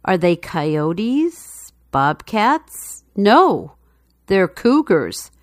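A woman's voice: medium pitch, big pitch swings, extremely slow, no room sound, studio quality. A woman narrating a true story as scripted narration, telling it in a dramatic, suspenseful way.

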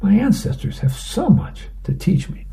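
A man's voice: high-pitched, very animated, normal speed, gravelly, warm tone, voice pushed up, exaggerated voice. A man reading as a musing comic-strip husband. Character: musing middle-aged husband.

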